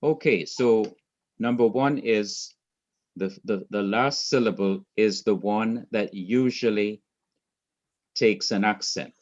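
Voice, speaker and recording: A man's voice: lowish voice, slow, muffled recording. A man teaching a class, explaining step by step, repeating his points and quizzing a student. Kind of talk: class lecture.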